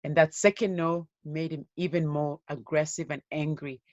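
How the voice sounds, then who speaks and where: A woman giving an interview as a guest, telling her own life story in an earnest, steady way. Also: deep voice, normal speed, no echo, highs cut off. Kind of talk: personal story told in an interview.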